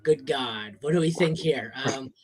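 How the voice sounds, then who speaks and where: A man's voice: medium pitch, unhurried, slightly rough. A man hosting a fantasy football podcast, jokey and friendly, leading the casual chat. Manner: friendly, jokey, runs the show. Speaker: podcast host.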